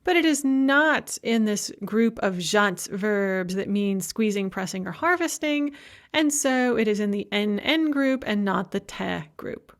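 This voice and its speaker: A woman's voice: mid-range voice, lively intonation, a little slow. A woman teaching a recorded language lecture, explaining grammar methodically and carefully pronouncing example words. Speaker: Russian language instructor.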